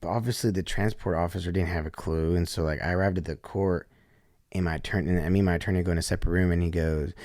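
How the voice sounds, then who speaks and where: A man's voice: deep voice, fast talker, dry recording, clean studio sound. A man from Oklahoma, a podcast guest, telling a story casually and acting out the voices of people in it, with many restarts. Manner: animated, acts out quoted voices with frequent restarts.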